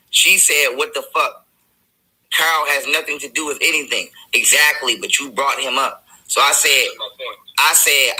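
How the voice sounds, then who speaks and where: A man with a husky yet very bright, sharp voice who argues defensively. He recounts text messages to defend himself and keeps pushing his side of the story. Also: mid-range voice, low-quality recording. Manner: defensive, argumentative, recounting texts. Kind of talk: heated self-defense.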